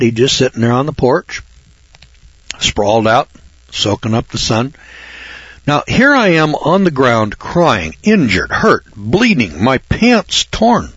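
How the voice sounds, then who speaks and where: A man's voice: medium pitch, sing-song, a little slow, a bit bright, slightly rough, no echo. An older man from Northern California, a reporter, telling a folksy personal story and repeating words for emphasis. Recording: dull lo-fi recording.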